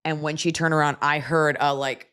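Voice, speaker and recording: A woman hosting a podcast, telling a story in a casual, animated way with profane asides. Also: low-pitched, moderate pace, noisy background. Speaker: podcast host.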